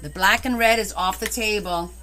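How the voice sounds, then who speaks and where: Bright-voiced woman calling livestream bids. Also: mid-range voice, normal speed. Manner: cheerful, laughs often, calls out bids. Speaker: host selling scrapbooks in a live auction. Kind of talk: chatty livestream auction.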